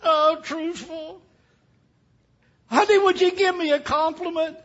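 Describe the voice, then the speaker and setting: A man's voice: fairly even intonation, slow, a bit bright, heavily acted. A man putting on a tearful old wife. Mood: pleading. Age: older. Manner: high pleading quaver. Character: distressed elderly wife, self-conscious and tearful. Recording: dull lo-fi sound.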